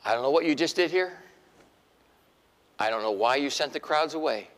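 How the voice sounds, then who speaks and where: A middle-aged man preaching a sermon in an animated way, acting out the voices he quotes. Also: fairly high pitch, normal speed, big-room sound. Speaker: pastor.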